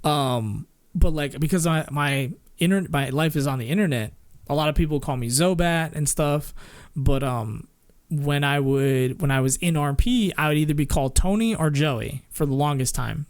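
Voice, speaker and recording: Rambling streamer man, slightly high voice. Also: normal speed. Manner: rambling, many fillers and restarts, laughs often. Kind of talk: casual chat with chat.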